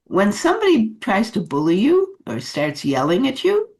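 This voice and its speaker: A woman leadership coach giving advice in an unhurried talk, with many fillers and restarts. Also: mid-range voice, wildly swooping pitch, darkish tone.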